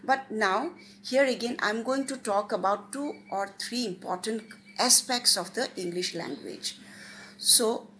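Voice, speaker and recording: Woman, guest lecturer, slow and deliberate, faint background hiss. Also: on the high side, fairly bright tone. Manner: measured, deliberate, stresses key words.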